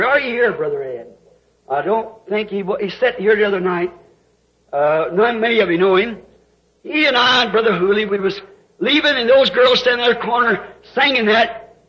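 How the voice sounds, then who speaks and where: An older man preaching a sermon, telling his story in a folksy way that rises into emotional outbursts. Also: sits high. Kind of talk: sermon testimony. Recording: dull lo-fi sound.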